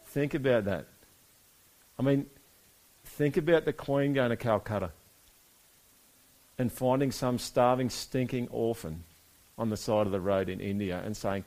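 A man's voice: medium pitch, a little slow, pauses often, a little mellow. A man preaching a sermon in a church, talking casually and throwing direct questions at the congregation. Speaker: pastor.

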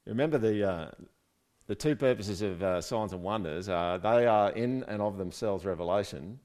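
A man's voice: fairly low pitch, normal speed, darkish tone. A man preaching a casual, conversational sermon, with joking asides and frequent "right?" check-ins to his listeners. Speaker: pastor.

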